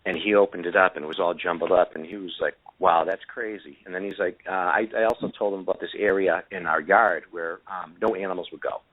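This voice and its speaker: A man's voice: low-pitched, steady tone, fast talker, few pauses. A man calling in as a guest, telling a story in a rambling way with many fillers and restarts. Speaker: guest inventor of camera glasses. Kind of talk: casual storytelling on a call-in show. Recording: tinny phone line.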